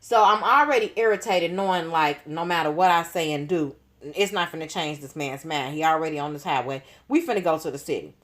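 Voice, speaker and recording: A woman's voice: sits low, fairly quick. Slangy woman telling a story. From Chicago. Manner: animated, slangy, leans on "you know what I'm saying". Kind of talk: casual storytime.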